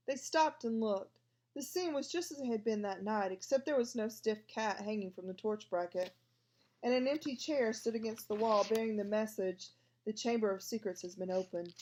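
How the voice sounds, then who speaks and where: A woman's voice: a little high, normal speed, a little mellow. A woman narrating a storybook aloud and voicing every part herself. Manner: reads all parts herself. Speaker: audiobook reader.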